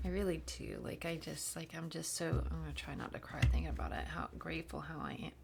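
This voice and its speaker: A woman giving a casual spiritual card reading, rambling and soft-spoken, sometimes slipping into whispers. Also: low-pitched, wildly swooping pitch, moderate pace, vocal fry. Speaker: spiritual reader. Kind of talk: casual channeled tarot reading.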